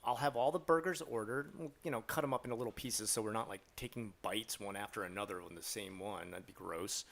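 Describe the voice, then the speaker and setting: A man's voice: lowish voice, fairly quick, a bit bright. Guy rambling on his live stream, joking around, lots of ums, talks to chat. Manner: rambling, joking, many fillers, reads chat aloud.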